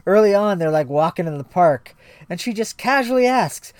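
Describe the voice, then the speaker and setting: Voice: mid-range voice, animated, normal speed, clean tone, no echo. A podcast co-host in casual comedic chat, rambling with restarts, swearing now and then.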